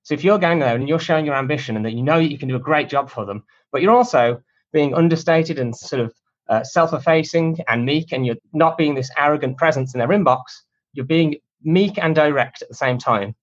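A man's voice: fairly high pitch, fairly quick, highs cut off. A man being interviewed about his work, talking in a chatty, cheeky, self-deprecating way. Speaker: guest, cold email marketer. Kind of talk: casual conversational interview answers.

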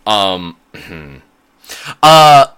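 A man with a low but bright, forceful voice talks through an episode recap in loose, casual banter. He swears often and throws in quick impressions of the characters' lines. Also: animated, clear, resonant tone. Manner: swears freely, acts out lines. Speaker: podcast co-host.

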